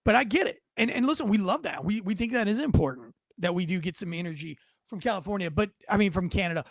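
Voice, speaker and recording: A man's voice: high-pitched, expressive, fast talker, creaky, no echo, clean studio sound. An American man hosting a political commentary show, talking in a brash, profane, sarcastic way and mocking others in put-on voices. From United States.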